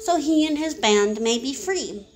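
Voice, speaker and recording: Woman reading as a gentle old good witch. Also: sits high, expressive, a little slow.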